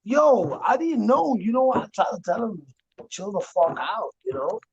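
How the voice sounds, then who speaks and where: A woman hosting a casual livestream chat, talking loud and blunt, swearing freely and laughing a lot. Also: a little high, very animated, normal speed, vocal fry, husky, dry recording, lo-fi sound. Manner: loud, swearing, laughs often, coos at dogs. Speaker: livestream host.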